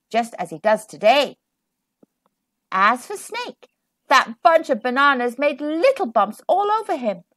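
A woman reads a children's storybook aloud in a high voice that swoops widely up and down. She takes her time and leans into each sound effect with sing-song flair. The recording is dry and close. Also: fairly bright tone, no echo. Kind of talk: children's picture book read-aloud.

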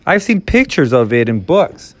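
A man reading the lines of a weary, gentle woman guide in a calm, explaining way. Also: a little high, normal speed, dry recording, voice pushed up.

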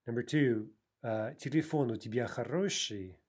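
A male teacher talks through a recorded language lesson in a mellow, slightly husky voice. He explains patiently, with "uh" and "right?" between points. In the drills he lets out mock-dramatic sighs. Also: medium pitch, moderate pace.

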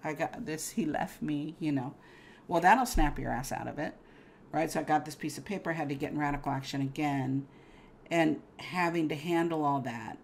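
A woman, speaking in a low, deep register. She tells her story with a candid, emphatic style, swears casually and often laughs. A faint background noise sits under her voice. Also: moderate pace, gravelly, darkish tone. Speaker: interview guest.

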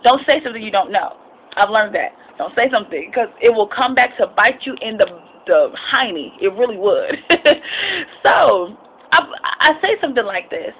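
A woman's voice: medium pitch, animated, moderate pace, fairly bright tone, a little hiss or hum, poor audio. A young adult woman giving an informal, impassioned devotional talk and personal testimony. She speaks expressively, rambles with restarts and drops in frequent amens. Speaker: Christian vlogger sharing a devotional.

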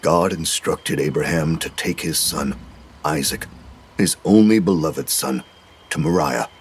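A zealous, middle-aged religious killer, played by a man, who recites scripture with solemn conviction. His voice sits very low and grave. This is an audio drama with faint background noise. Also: unhurried. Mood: preaching.

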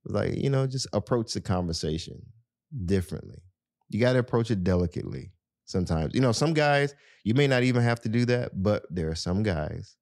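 A podcast host with a deep, darkish voice gives casual advice to his listeners, speaking earnestly and saying "you know" a lot. The studio recording is clean with no echo.

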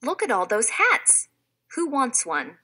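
Bossy clucking hen, lady reading it, lively, a bit breathy. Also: fairly high pitch, takes it slowly, heavily acted. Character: bossy clucking hen, female farm bird.

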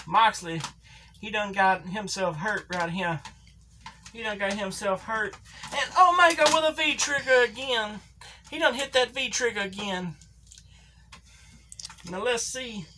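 A woman's voice: mid-range voice, a bit bright, a little hiss or hum, natural voice. A woman voicing a folksy Southern older male wrestling commentator, calling a toy figure match with a thick put-on drawl and country grammar. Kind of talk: comedic ringside commentary.

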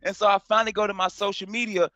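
A middle-aged man, a comedian from North Carolina, telling a story in a casual interview in an animated, slangy way and acting out the other voices. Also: high-pitched, very fast, no room sound, highs cut off. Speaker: comedian guest.

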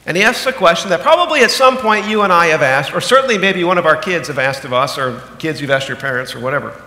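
The setting is a church sanctuary with a long, echoing reverb, where a pastor in his thirties preaches. His style is animated and emphatic, and he swings from loud bursts to low, slow asides whenever he reaches a key point.

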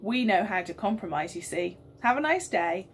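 A woman voicing a cheerful, friendly neighbour father, with a breathy voice. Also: medium pitch, lively intonation, moderate pace, slight background noise, close to an everyday voice. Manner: cheerful, bright.

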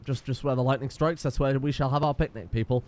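A man's voice: mid-range voice, steady tone, quick pace, a little mellow. Exasperated man commentating a game. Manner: exasperated, sarcastic, swears often. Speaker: gaming YouTuber. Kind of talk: let's play commentary.

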